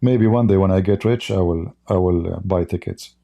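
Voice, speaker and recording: A man's voice: low voice, normal speed, creaky, warm tone, lo-fi sound. A man hosting a live stream and speaking English as a second language, giving blunt, mocking commentary and reading out viewer chat. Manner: heated, blunt, mocking, with broken non-native English.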